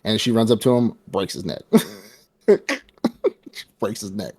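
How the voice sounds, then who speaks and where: A low-pitched man in a relaxed podcast chat, breaking down a film scene with energy and frequent laughter. He slips into playful impressions of the characters as he goes. The sound is close and dry. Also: a little slow, husky, dry recording. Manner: animated retelling, acts out characters' lines, laughs often. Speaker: podcast co-host. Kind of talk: casual movie review chat.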